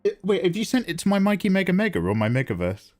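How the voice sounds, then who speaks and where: Chatty, animated male art streamer. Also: high-pitched, quick pace. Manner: chatty, playfully snarky, greets viewers by name. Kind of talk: casual live-stream chat while drawing. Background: faint synth music.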